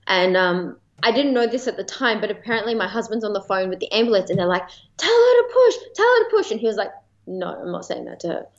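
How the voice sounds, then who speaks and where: A woman's voice: mid-range voice, fast, muffled recording. An Australian woman telling a personal story as a podcast guest in a chatty way, full of fillers and light laughter.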